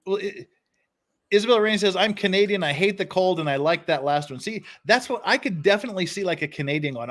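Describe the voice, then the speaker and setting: A man's voice: sits high, animated, fast, a bit bright. Chuckling man hosting a live stream. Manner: chuckles often, reads phrases aloud. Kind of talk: casual live-stream commentary.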